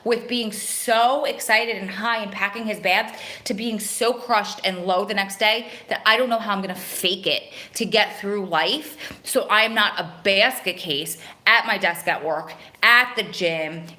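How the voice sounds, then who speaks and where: A woman's voice: mid-range voice, pushed and bright. A woman hosting a live stream for prison wives. She vents with feeling and rambles, corrects herself, and reads viewer comments aloud. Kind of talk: emotional live-stream venting and chat.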